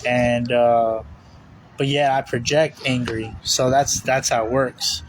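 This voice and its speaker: A man's voice: medium pitch, fairly even intonation, slow, low-quality recording. Rambling preacher man over traffic noise. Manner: rambling, repetitive, with many fillers. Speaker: religious teacher. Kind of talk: casual spoken sermon.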